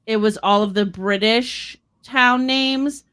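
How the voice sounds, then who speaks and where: Female podcast co-host from Boston; chatty, filler-heavy, bright and forward tone. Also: fairly high pitch, slow pace, smooth. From Boston, United States. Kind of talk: casual chat.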